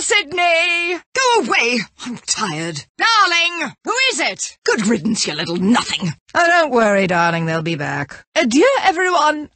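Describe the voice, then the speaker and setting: A woman voicing a haughty, unhinged society lady in a video game, shrill and imperious, swinging between sighs and screams. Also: bright, forceful tone, no room sound, exaggerated voice. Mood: flighty. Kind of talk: video game character barks.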